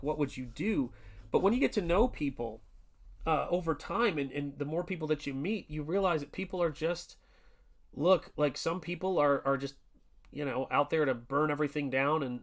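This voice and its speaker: A man in his forties hosting a casual art livestream, talking earnestly and rambling with many restarts and fillers. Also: fairly high pitch. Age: 40s. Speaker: artist livestream host.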